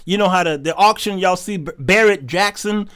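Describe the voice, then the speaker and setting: A man hosting his show, telling a comic story, animated and laughing often as he acts out the people in it. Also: sits high, normal speed, clean tone. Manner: animated, laughing often, acting out quoted voices. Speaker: show host.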